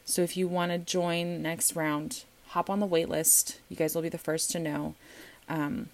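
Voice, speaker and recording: A woman's voice: on the low side, level tone, a little slow. Chatty, heartfelt woman podcast host. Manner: chatty and heartfelt, many fillers. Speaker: podcast host and birth prep coach. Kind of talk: casual solo podcast talk.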